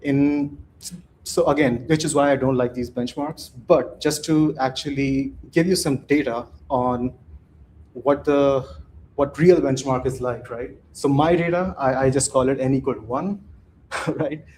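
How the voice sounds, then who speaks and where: Speaking at a live conference, a man delivers a technical talk in a mellow, darkish, mid-range voice. He's loose and conversational, restarting often and checking in with quick "right?"s, while a faint hiss lies beneath his voice.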